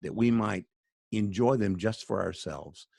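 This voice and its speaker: Male charity spokesman, earnest and sermon-like, lower voice, dry video-call sound. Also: a little slow, vocal fry, a little mellow, slightly rough, no room sound. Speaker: charity spokesman, radio guest.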